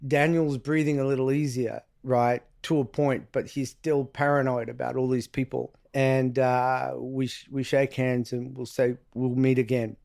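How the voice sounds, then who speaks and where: A man of middle pitch tells a story as a guest in a casual interview. He is blunt and profane, and he acts out each exchange. He keeps asking "right?" to make sure his listener follows. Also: flat delivery, unhurried, vocal fry, hardly any pauses, a little mellow. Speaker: guest, private investigator.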